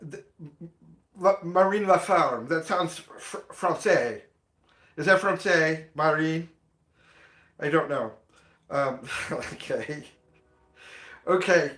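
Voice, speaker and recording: A man's voice: on the high side, fairly bright tone, reverberant. A man hosting a casual morning livestream, chatting in a rambling way and greeting viewers by name. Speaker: livestream host.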